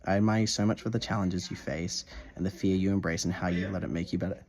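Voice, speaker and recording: In a casual video diary at home, a young male vlogger gushes over a gift, swears freely, and stumbles while reading a letter aloud. His voice is low and darkish, with a steady tone and quick pace.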